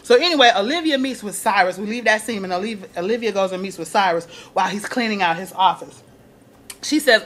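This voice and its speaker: A woman recapping a TV episode in casual chat, acting out quotes and laughing often. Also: a little fast. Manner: animated, acts out quotes in a higher voice, laughs often. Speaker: TV recap vlogger.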